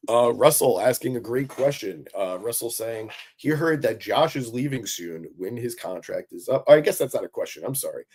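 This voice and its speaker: A man's voice: medium pitch, expressive, normal speed, hardly any pauses, slightly rough. A man hosting a live-stream recap, talking casually and with enthusiasm, answering chat with lots of fillers. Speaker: wrestling recap host.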